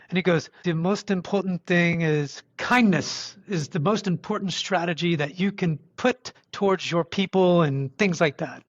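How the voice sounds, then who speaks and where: A man's voice: fairly high pitch, a bit bright, no echo. A man hosting a podcast, chatty and telling anecdotes. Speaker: podcast host. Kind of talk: conversational interview. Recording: dull lo-fi sound.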